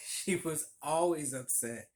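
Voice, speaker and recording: A man telling stories of his old barista job in a casual, animated vlog, acting out the voices of people he quotes. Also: a little high, slow pace, slight background noise. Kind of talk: casual storytelling.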